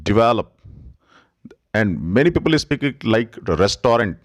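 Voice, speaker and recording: A man with an Indian English accent teaching pronunciation, slowly repeating each word as a drill. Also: fairly low pitch, very animated. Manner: slow, instructive, repeats words for drill. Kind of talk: pronunciation lesson.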